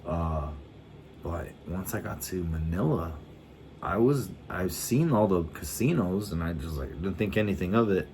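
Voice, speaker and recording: A man's voice: low voice, lively intonation, unhurried, a little mellow, slight background noise. A middle-aged man telling rambling stories in casual chat, swearing freely and often restarting his sentences. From United States. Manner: laid-back rambling storytelling, swears a lot, often restarts. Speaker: vlogger.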